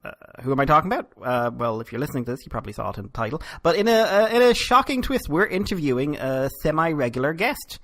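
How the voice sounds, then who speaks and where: A man's voice: a little high, sing-song, quick pace, hardly any pauses, fairly bright tone, dry recording. A man hosting a podcast interview in a playful, teasing manner. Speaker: podcast host. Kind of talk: casual interview.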